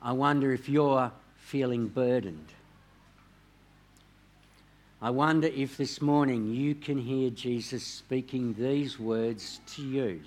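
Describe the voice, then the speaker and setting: A man preaching a sermon, telling a story in a measured way and dropping his voice quietly on key words. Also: mid-range voice. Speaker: pastor.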